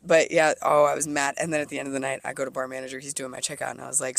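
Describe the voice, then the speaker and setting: A woman's voice: extremely low pitch, rapid-fire, creaky, few pauses. A woman co-hosting a casual podcast, telling a work story with lots of swearing and acting out what coworkers said. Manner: animated storytelling, swears a lot, acts out coworkers' lines. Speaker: podcast co-host, restaurant server.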